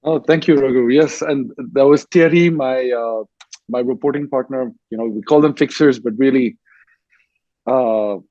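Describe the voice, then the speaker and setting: A man's voice: medium pitch, normal speed, mellow, no echo, highs cut off. A man who grew up in Dubai, an author and war correspondent, telling his story on a festival panel with frequent restarts. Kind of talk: panel discussion.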